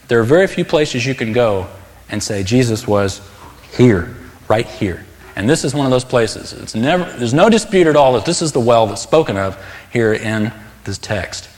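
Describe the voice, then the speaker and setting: A man delivers a sermon in a relaxed, conversational way, pressing hard on the words he wants to land. His voice sits at an ordinary pitch for a man. The sound carries a long reverb, as from a large hall. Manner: earnest, conversational preaching with emphatic stresses. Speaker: pastor.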